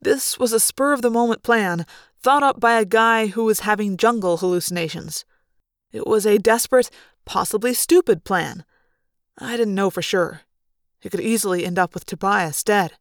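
A woman's voice: mid-range voice, moderate pace, no room sound. Woman reading a story aloud, dry close voice. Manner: expressive first-person storytelling. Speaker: audiobook reader. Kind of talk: fan read-aloud narration.

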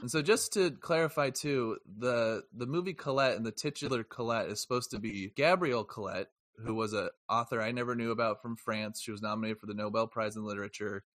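A man chatting loosely about a film he just watched. His voice sits at an ordinary pitch and sounds dry and close, with no room echo. He talks in a rambling way, often restarting his sentences. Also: brisk, few pauses, a bit bright. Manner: rambling, self-correcting, jokey. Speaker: podcast co-host. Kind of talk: casual film review chat.

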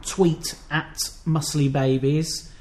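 A man co-hosting a podcast in casual, rambling chat, self-deprecating and quick to laugh. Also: fairly high pitch, flat delivery, a little mellow. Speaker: podcast co-host.

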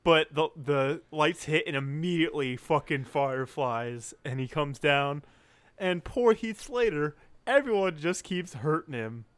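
Male co-host, unhurried storyteller with dry humor, dry room sound. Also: fairly high pitch, expressive, clear, resonant tone, dry recording. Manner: wry, amused storytelling with frequent swearing. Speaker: wrestling podcast co-host. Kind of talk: casual chat recapping a wrestling event.

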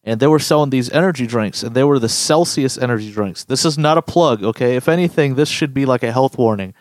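Profane animated young man telling stories. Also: mid-range voice, fast, no room sound. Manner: profane, animated storyteller doing goofy quoted voices. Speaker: podcast co-host. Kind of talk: casual podcast banter.

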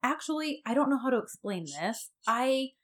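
A woman voicing a young female drama heroine, halting and stumbling over her words. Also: high voice, sing-song. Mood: flustered.

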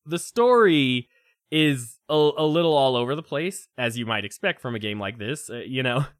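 A young man in casual, animated chat about a video game, full of restarts and laughter. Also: medium pitch, moderate pace, no room sound, studio quality. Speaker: game review podcast co-host.

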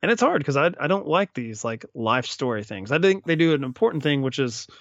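A man's voice: mid-range voice, big pitch swings, brisk, a bit bright, dry recording, dull audio. A man co-hosting a podcast, chatting casually about films in a rambling way full of fillers. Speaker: podcast co-host. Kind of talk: casual film discussion.

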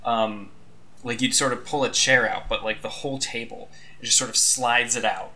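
A man's voice: medium pitch, steady tone, moderate pace, sharp tone. A man narrating a tabletop game as game master, rambling and hedging with lots of "sort of".

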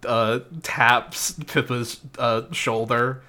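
A man narrating a tabletop role-playing game as game master, soft-spoken and giggly. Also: mid-range voice, little pitch movement, very slow.

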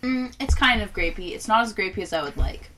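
A woman's voice: medium pitch, expressive, fairly quick, bright, forceful tone, soft background music. A woman co-hosting a casual chat, rambling with dry humor and casual swearing.

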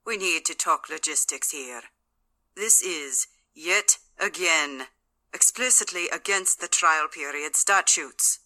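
A woman's voice: low-pitched, slow, sharp tone, full character voice. A woman voicing a stern, easily agitated male army captain in an attempted Scottish accent, in an audiobook. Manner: stern, clipped orders.

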